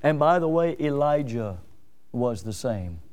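A man pastor preaching a sermon in an animated, emphatic way, full of rhetorical questions. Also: medium pitch, measured pace, smooth.

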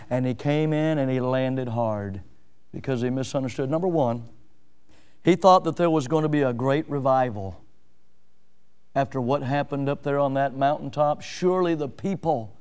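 High, smooth-voiced man preaching. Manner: animated, emphatic preaching with rhetorical questions. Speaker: pastor. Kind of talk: sermon.

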